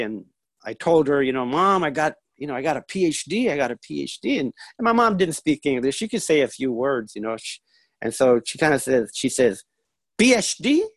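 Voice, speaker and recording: A man sharing his personal story at a recovery meeting, halting and full of restarts. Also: mid-range voice, no room sound.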